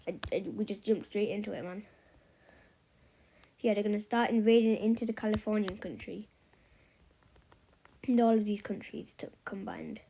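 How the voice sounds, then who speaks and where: A woman's voice: mid-range voice, dark tone, slight background noise, low-quality recording. A woman casually narrating a map scenario, rambling with lots of fillers and offhand remarks. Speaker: map video creator. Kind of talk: casual commentary over a map.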